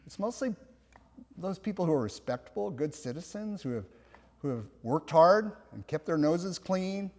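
A male pastor preaching a sermon in a church, reflective and gentle, with soft laughs and restarts. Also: a little high, expressive, normal speed, in a large hall.

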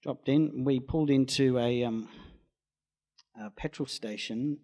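Speaking at a measured pace in a mid-range voice, the Australian storm chaser drifts through an interview anecdote. He acts out quoted lines loudly.

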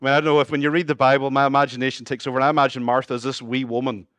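Northern Irish pastor preaching, dry sound. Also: male voice, medium pitch, racing, no room sound. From Northern Ireland. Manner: shifts between lively humorous asides and hushed earnest appeals. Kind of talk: sermon.

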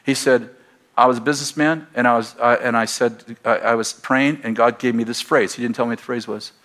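A middle-aged American man preaching a sermon in a church, telling stories and building to loud exhortation. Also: mid-range voice, steady tone, a little fast. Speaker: pastor. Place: church sanctuary. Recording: faint crowd in a church. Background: congregation.

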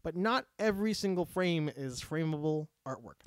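A man's voice: a little high, lively intonation, normal speed, no echo, studio quality. A man chatting casually about movies, emphatic and opinionated, swearing freely.

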